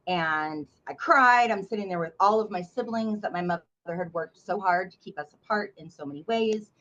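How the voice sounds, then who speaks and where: A woman from North Carolina, a memoir author guest telling a story in a blunt, animated way and swearing freely. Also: medium pitch, normal speed, lo-fi sound. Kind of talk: casual interview storytelling.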